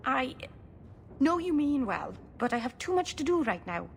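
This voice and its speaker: Sweet elf girl mage, earnest rambling, a bit high. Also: sing-song, moderate pace, vocal fry, slight background noise, full character voice. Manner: earnest, self-deprecating rambling.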